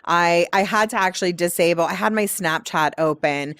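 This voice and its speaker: A woman's voice: on the low side, moderate pace, a bit bright, no echo. A woman who is a guest, talking candidly and rambling a little in a casual chat, and laughing easily.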